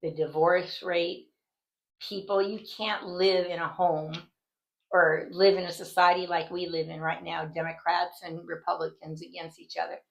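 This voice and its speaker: A woman's voice: fairly low pitch, little pitch movement, moderate pace, gravelly, poor audio. A woman teaching a Bible study in an earnest, indignant, conversational way, rambling and restarting her sentences as she goes. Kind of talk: conversational devotional talk.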